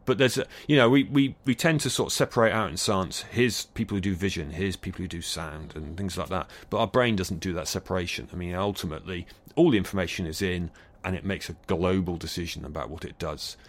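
Thoughtful Bristol-accented man, fairly low voice. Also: brisk. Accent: Bristol English. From England. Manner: thoughtful, hesitant with many restarts. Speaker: acoustics scientist guest. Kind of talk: interview answers. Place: recording studio.

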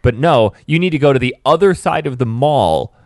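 A man's voice: mid-range voice, normal speed, no room sound, studio quality. A man telling game stories in casual podcast chat. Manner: animated, storytelling. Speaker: podcast co-host.

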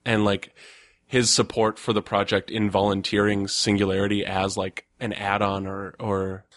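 A man's voice: fairly low pitch, completely flat delivery, normal speed, a bit bright, no room sound. A man who designs tabletop games, talking casually and earnestly, with frequent fillers and restarts. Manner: earnest, lots of fillers and restarts, laughs often. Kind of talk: casual podcast chat.

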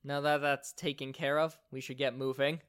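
A man voicing a shaken young man companion who answers quietly, politely and briefly. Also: mid-range voice, level tone, moderate pace, clean tone, lightly acted. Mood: businesslike.

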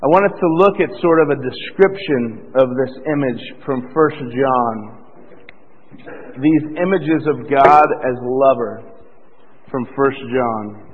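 A man's voice: medium pitch, slow, a little hiss or hum. A man preaching a sermon as a pastor, in a conversational style, acting out the voices he quotes. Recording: tinny, band-limited sermon recording in a reverberant hall.

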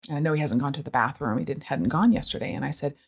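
A woman with a notably low voice tells a family story in a relaxed, chatty way. She keeps the talk loose with fillers and quick asides while staying animated. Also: gravelly, husky. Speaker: parent sharing experience with autism. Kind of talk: casual storytelling monologue.

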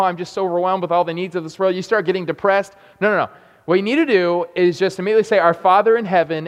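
A young adult man preaching a sermon, telling self-deprecating stories with quick asides. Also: fairly high pitch. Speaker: pastor. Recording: long hall reverb.

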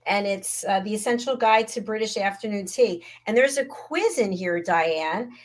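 A woman's voice: medium pitch, animated, normal speed. A woman hosting a casual talk show, friendly and steering the conversation with questions.

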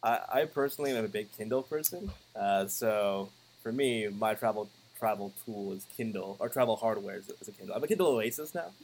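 Co-host: man, lowish voice, offhand halting chat, faint noise behind. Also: darkish tone, rough recording. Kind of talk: casual podcast chat.

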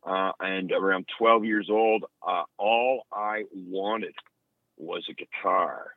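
A man's voice: low voice, steady tone, slow, gravelly, dry recording. A man from Ontario, Canada, a guest musician joining an interview by phone, telling stories in a joking, rambling way. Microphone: telephone. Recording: tinny phone line.

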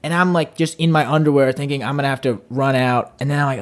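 Speaking quickly with few pauses in a medium-pitched voice, a man co-hosting a podcast rambles through a long, animated anecdote. He acts out the characters, yelling their voices, in a casual storytelling chat.

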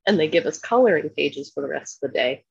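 A woman from Philadelphia telling a profane, animated story in casual podcast chat, laughing often. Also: sits low, fast, gravelly, breathy edge, no echo, highs cut off. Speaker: podcast co-host.

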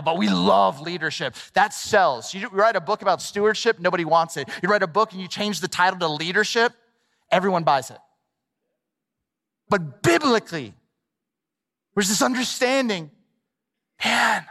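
A middle-aged male pastor preaching a sermon in a lively, conversational way with playful asides. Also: high-pitched. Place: large church hall. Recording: long reverb of a large hall.

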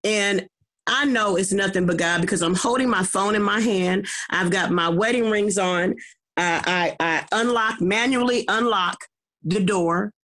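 A woman's voice: mid-range voice, a little slow, a bit bright. A middle-aged woman, an evangelist, telling her personal testimony with emphasis. She often repeats and restarts her words and keeps checking in with her listeners. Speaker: evangelist guest.

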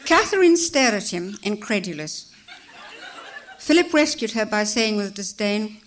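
A woman reading a story aloud as narrator, in a measured, expressive way. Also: mid-range voice.

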